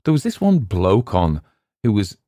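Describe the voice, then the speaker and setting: With a lowish, warm voice and wildly swooping pitch at normal speed, a West Cumbrian-accented man from West Cumbria, England, chats casually. The podcast host and audiobook narrator is digressive, rambling, and self-deprecating. It's studio-quality audio with no room sound.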